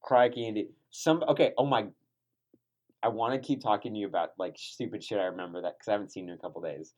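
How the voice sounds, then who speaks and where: A man's voice: lowish voice, fast talker, a little mellow, highs cut off. A tired man co-hosting a podcast in casual chat, rambling and restarting his sentences. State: tired from poor sleep. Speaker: podcast co-host.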